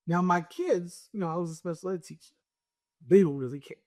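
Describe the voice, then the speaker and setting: A middle-aged woman with a naturally loud voice, a guest telling an emotional personal story and acting out what others said. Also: fairly low pitch, fairly quick, no room sound, clean studio sound. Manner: animated, acts out what others said.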